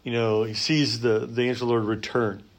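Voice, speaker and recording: Male pastor, conversational sermon delivery, punchy emphasis and soft asides. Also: medium pitch, level tone, normal speed. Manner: conversational, many fillers and restarts.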